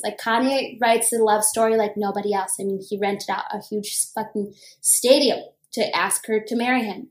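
A young woman co-hosting a casual gossip podcast, animated and swearing freely, acting out quotes. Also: normal speed, hardly any pauses, echoey room. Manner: animated, acts out quotes with bursts of higher pitch. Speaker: podcast co-host.

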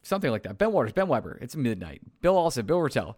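A man's voice: mid-range voice, big pitch swings, fast talker, a little mellow, husky. A tired man, hosting a podcast outro, rambling and poking fun at himself as he trips over names. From New York. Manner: rambling, self-mocking, stumbling over names. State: tired late at night. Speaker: podcast host.

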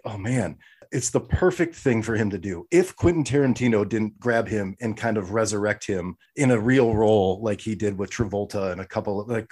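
A man with a low, husky voice co-hosts a casual podcast chat. He talks thoughtfully and then builds to excited emphasis as he makes his point. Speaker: podcast co-host.

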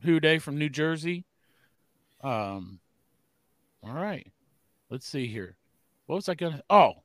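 A man's voice: fairly high pitch, expressive, slow pace. A man co-hosting a sports podcast, joking around in casual chat and swearing freely. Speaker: podcast co-host.

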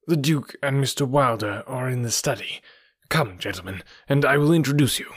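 A man's voice: medium pitch, normal speed, breathy edge, dry recording, clean studio sound, natural voice. A man voicing an agitated, browbeaten headmaster who talks in a flustered, pleading way.

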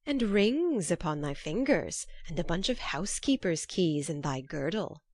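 A woman's voice: lowish voice, very animated, a little slow, darkish tone, dry recording, studio quality, heavily acted. A woman voicing a cunning, mocking male trickster god in a storybook reading. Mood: sly. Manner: sly, mocking.

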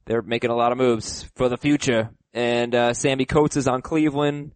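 A man's voice: mid-range voice, level tone, normal speed, no room sound. A man hosting a casual sports podcast, upbeat and reading listener emails aloud. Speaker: podcast host.

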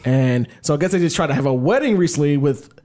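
A man's voice: fairly high pitch, lively intonation, quick pace, mellow. A man co-hosting a podcast, chatting casually and reading news stories aloud with a loose, profane manner. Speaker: podcast co-host.

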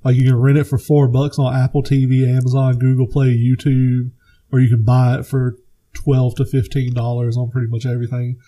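Animated man telling stories on a podcast. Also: mid-range voice, fairly quick. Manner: animated storyteller, swears freely, acts out movie quotes. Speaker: podcast co-host. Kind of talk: casual chat.

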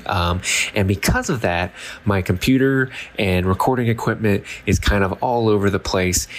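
A man reading a list of patrons off his phone in an apartment he is taking apart, in a plain, apologetic way. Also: sits low. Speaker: podcast co-host. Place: apartment being taken apart. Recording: faint background noise.

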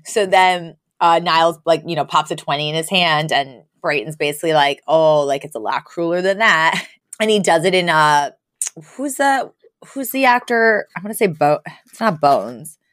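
A woman's voice: deep voice, moderate pace, dry recording. Chatty woman recapping with dry sound. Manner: animated storytelling, acts out characters' lines with laughs. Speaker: podcast co-host recapping a sitcom episode. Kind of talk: casual chat.

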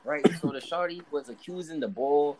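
A man's voice: a little high, normal speed, a crowd in the background, low-quality recording. A young man chatting casually with friends, full of slang and telling stories. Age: young adult. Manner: slangy, storytelling, repeats "bro".

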